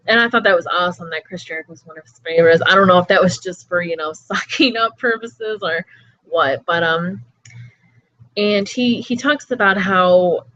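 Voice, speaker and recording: A woman's voice: lowish voice, brisk, a bit bright. A woman hosting a wrestling show, casually recapping an interview in a rambling way, full of fillers. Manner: rambling, with many fillers like "everything like that". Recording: slightly dull lo-fi audio.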